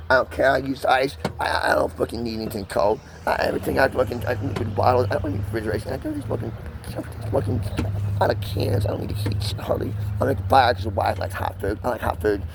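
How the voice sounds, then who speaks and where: A man's voice: medium pitch, creaky, noisy background. A man talking to the camera in a rambling vlog monologue, pressured and profane, swearing in nearly every sentence. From United States. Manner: pressured, rapid, swearing constantly. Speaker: vlogger.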